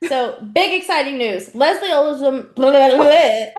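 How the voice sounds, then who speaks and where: High-voiced giggly young woman. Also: normal speed. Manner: giggly, animated storyteller. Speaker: podcast co-host. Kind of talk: casual chat.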